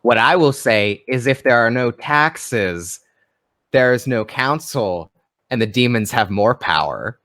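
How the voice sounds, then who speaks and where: A man's voice: medium pitch, animated, a little slow, fairly bright tone. A man running a live-streamed tabletop game as game master, wry and joking in a laid-back way.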